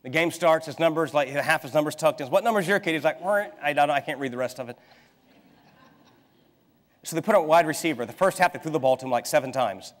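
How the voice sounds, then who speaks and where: A man in his thirties preaching a sermon, telling a family story in a lively way and acting out the people in it. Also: fairly high pitch, fast talker. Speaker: pastor. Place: church sanctuary. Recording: long hall reverb in a church.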